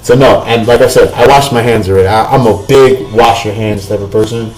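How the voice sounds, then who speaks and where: A man's voice: lowish voice, brisk, darkish tone, low-quality recording. Profane rambling man cooking at home. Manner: profane, rambling, keeps asking "you know what I'm saying". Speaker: cooking vlog host. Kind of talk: casual cooking vlog. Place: home kitchen.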